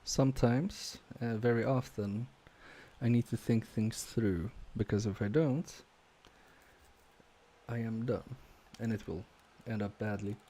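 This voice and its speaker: A man's voice: fairly low pitch, steady tone, slow pace. A man streaming live while repairing electronics, thinking aloud in a hesitant, self-questioning way, with many fillers and trailing-off sentences as he works. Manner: quietly focused, mutters while working.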